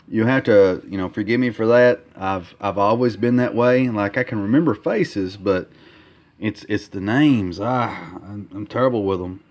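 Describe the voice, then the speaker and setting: Low-voiced man, halting casual vlog. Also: a little mellow, muffled recording. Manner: halting, full of fillers and repeated words. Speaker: comic artist vlogger. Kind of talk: casual progress-update vlog.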